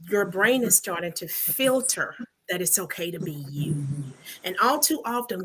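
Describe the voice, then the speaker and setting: A woman's voice: lowish voice, slightly rough, low-quality recording. A woman on a discussion panel, speaking in an emphatic, motivational way. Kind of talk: earnest group discussion.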